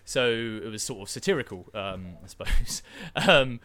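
A man's voice: fairly low pitch, sing-song, moderate pace, bright, forceful tone, slight background noise. A man in casual podcast chat, rambling with many fillers and frequent laughs. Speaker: podcast co-host, battle rapper.

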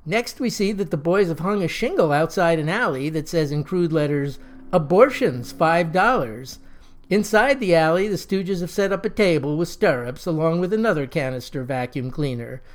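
A narrator reading a slapstick comic story aloud in an even storytelling delivery. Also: mid-range voice, moderate pace.

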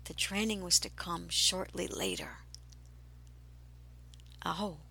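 A woman podcast host telling a personal story in a slow, hushed way, often dropping into a whisper. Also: on the low side, steady tone, creaky, husky.

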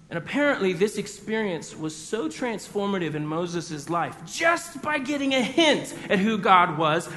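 A man with a high voice preaches a lively, animated sermon and acts out the voices of the people in his story. His voice rings with a long reverb, as in a large hall, with a faint hum of room ambience behind him. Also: a little slow, few pauses. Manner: animated storyteller acting out quotes. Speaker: pastor.

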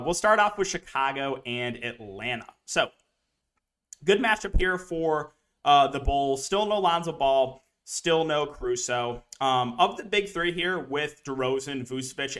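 A man's voice: medium pitch, pushed and bright. A young man hosting a fantasy sports show, talking casually and rambling through picks and a story with lots of fillers. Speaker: DFS analyst host. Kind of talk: casual sports betting podcast talk.

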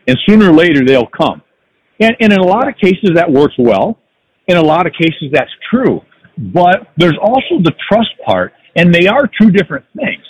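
Older man, husky reflective storyteller. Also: on the high side, no echo, poor audio. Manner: reflective storytelling with frequent restarts. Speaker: podcast guest, sales professional. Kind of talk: casual podcast conversation.

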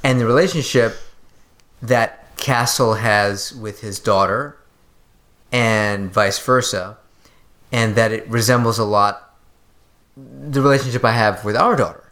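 A man co-hosting a casual chat about a TV episode, speaking in measured, drawn-out phrases. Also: medium pitch, fairly bright tone. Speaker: podcast co-host.

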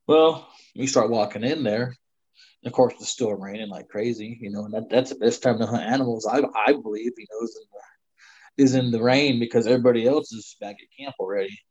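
A middle-aged man tells a hunting story in a loose, rambling way, leaning on "you know" between phrases. His voice sits at an ordinary middle pitch. The recording sounds a little dull and lo-fi. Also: fairly quick, a little mellow, slightly rough. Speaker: guest storyteller. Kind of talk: casual spoken hunting story.

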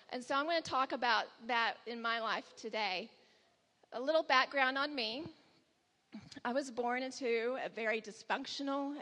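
A woman's voice: fairly high pitch, sharp tone, long reverb tail. A woman in her forties giving a personal testimony at church, telling candid stories and acting out her son's lines. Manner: candid storytelling, quotes her son in dialogue. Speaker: church speaker.

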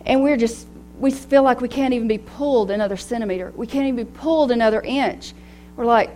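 A middle-aged woman delivers a devotional talk to a room of women, personal and animated, breaking into laughter as she goes. Her voice sits high. A faint hum runs under the recording. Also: quick pace, hardly any pauses. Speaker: women's ministry speaker.

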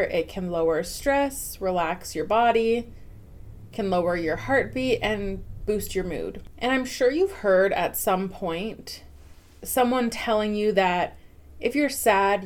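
A woman's voice: mid-range voice, a little mellow. A young adult woman hosting a solo podcast, talking casually with lots of fillers and easy laughter. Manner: chatty, informal, many fillers, laughs easily. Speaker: podcast host.

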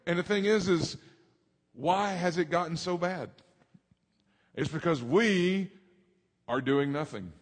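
A man, preaching a sermon emphatically, dropping low and rising loud. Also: normal speed, long pauses. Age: 40s. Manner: emphatic preacher, swings between hushed and loud. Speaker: pastor. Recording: long hall reverb.

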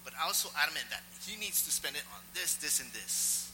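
Bright-voiced storytelling pastor in a hall. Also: male voice, on the high side, brisk, a little hiss or hum. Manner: animated storyteller, self-mocking. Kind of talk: sermon with personal story.

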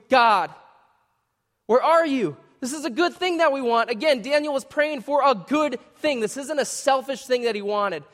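A man preaching a sermon as a pastor, earnest and emotional, dropping to a hush and then rising into urgent pleading. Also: very high-pitched. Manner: earnest and emotional, swings between hushed and raised. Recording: hall reverb.

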